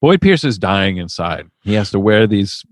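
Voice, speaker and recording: A man's voice: on the low side, big pitch swings, normal speed, no room sound, clean studio sound. Profane, sarcastic man on a podcast. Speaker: podcast co-host. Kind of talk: casual chat.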